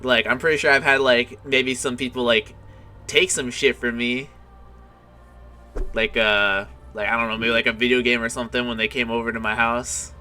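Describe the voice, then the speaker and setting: A young man with a bright, forceful voice talks in casual chat, hesitant and full of fillers, with some swearing. Music plays faintly behind him. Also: medium pitch, level tone, normal speed. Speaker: podcast co-host.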